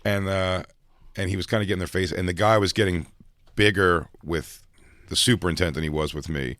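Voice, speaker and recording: Low-voiced man telling a rambling story. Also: fairly quick, no echo, clean studio sound. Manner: rambling, animated storyteller who acts out voices. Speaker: comedian guest. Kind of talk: casual chat, storytelling.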